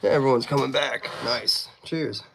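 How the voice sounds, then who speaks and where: A man's voice: mid-range voice, moderate pace, vocal fry, noisy background. A Canadian man with a Canadian accent chatting casually on a knife-sharpening livestream, reading viewer comments aloud while he works.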